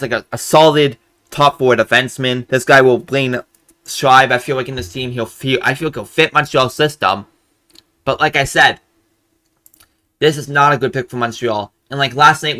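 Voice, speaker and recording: Angry young man ranting, bright voice. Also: medium pitch. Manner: frustrated, profane, repetitive. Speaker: hockey fan channel host. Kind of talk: angry fan rant.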